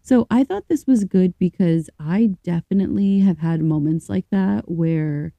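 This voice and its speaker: Podcast co-host, woman, lowish dark mellow voice, chatty, dry close sound. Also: unhurried, creaky, dry recording. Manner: chatty, thinks aloud with fillers and restarts. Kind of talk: casual podcast chat, reading stories aloud.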